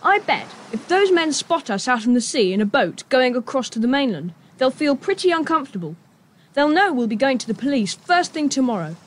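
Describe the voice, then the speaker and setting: A woman's voice: high-pitched, a little fast. A woman voicing Julian, a sensible boy who leads the group, in an audio drama. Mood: amused. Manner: calm, reassuring, gently teasing.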